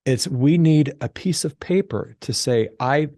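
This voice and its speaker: A middle-aged man telling a story as a podcast guest, animated and acting out the people he quotes. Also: mid-range voice, unhurried, dry recording. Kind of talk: casual storytelling interview.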